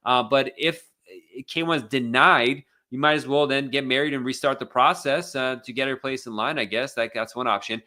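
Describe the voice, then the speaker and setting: A man's voice: medium pitch, moderate pace, sharp tone. An American man hosting a live legal Q&A, speaking casually with many fillers and restarts. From United States. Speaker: immigration attorney hosting a live Q&A. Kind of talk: casual live Q&A, reading viewer questions.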